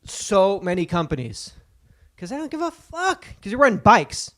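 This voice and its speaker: A man's voice: high voice, big pitch swings, moderate pace, fairly bright tone. A man co-hosting a comedy podcast, riffing casually and profanely. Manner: profane, riffing, jumps into voices. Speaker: podcast co-host.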